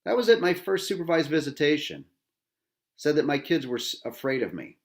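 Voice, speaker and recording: A man's voice: on the high side, very animated, fairly quick. A middle-aged man, a veteran host, angry and agitated, delivering a bitter, profane rant full of repetition and rhetorical "right?" tags.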